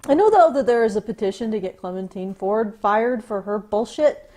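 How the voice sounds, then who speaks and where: A woman's voice: medium pitch, lively intonation, moderate pace, warm tone. A woman co-hosting a podcast, giving sarcastic, profane commentary that she keeps stopping to restart. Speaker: podcast co-host. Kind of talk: casual ranting commentary.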